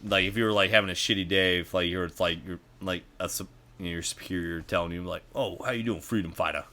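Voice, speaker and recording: A man's voice: low-pitched, little pitch movement, quick pace, pushed and bright. A young man telling stories in casual chat, rambling and swearing a lot, with many fillers. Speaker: podcast guest.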